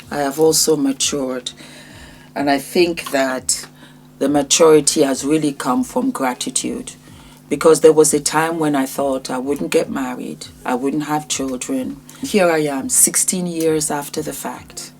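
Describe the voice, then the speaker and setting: A woman in her fifties talking warmly and emotionally to her viewers in a casual vlog. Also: a bass voice. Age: 50s. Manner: warm, emotional, grateful. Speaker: vlogger.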